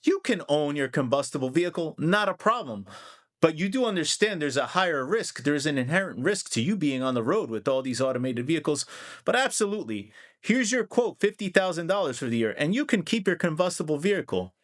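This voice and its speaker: A man's voice: on the high side, big pitch swings, fairly quick, no room sound, studio quality. A man putting on the voice of an overly cheerful male insurance salesman, falsely reassuring and salesy. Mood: chirpy salesy.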